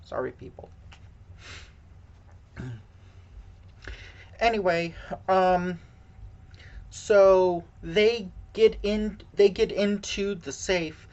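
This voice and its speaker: On a dull, lo-fi recording, a woman casually recaps a movie plot, stumbling along with plenty of fillers and self-deprecating asides. Her pitch is medium and her tone a little mellow.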